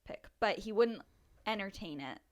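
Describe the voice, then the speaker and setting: A woman's voice: mid-range voice, animated, moderate pace. A young woman co-hosting a podcast in casual chat, talking loosely with lots of "like" and hedging. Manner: chatty, filler-heavy, hedging with "like". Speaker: podcast co-host.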